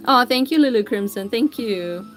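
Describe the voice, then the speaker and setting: A woman's voice: on the high side, animated, normal speed, soft background music. A woman artist chatting casually on a livestream while she draws, greeting viewers by name in an upbeat, chatty way. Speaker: digital artist streamer.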